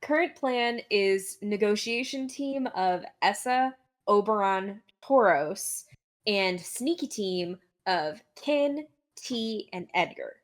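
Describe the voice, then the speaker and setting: A woman playing in a tabletop game, measured and careful as she lays out plans. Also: medium pitch, expressive. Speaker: player. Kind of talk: casual tabletop game chat.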